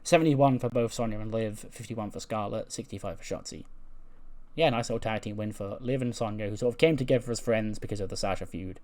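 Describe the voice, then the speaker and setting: A man's voice: lowish voice, fast, a little mellow. A man casually narrating and commenting on a game, rambling and correcting himself as he goes. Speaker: gaming channel host.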